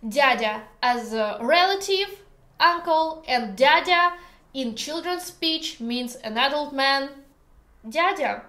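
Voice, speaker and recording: A woman's voice: high-pitched, lively intonation, bright, forceful tone. A Russian-accented woman teaching a casual language lesson at home, speaking careful, hesitant English with a joking streak. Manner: slow, careful, hesitant English with many pauses; playful, joking. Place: home kitchen. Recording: echoey kitchen room.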